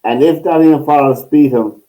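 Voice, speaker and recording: A man's voice: on the high side, normal speed, mellow, low-quality recording. A man hosting a sports chat show, running through fixtures and agreeing often with his panel. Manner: runs through fixtures, lots of agreeing yeahs. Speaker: host.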